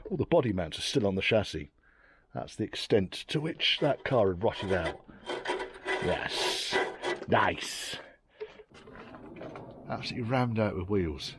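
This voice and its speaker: Tired and soaking wet from the rain, a classic car restorer vlogger works on old vehicles outdoors, talking casually, muttering, swearing freely and making dry asides. His fairly low voice is expressive and a little slow, with long pauses and a noisy background.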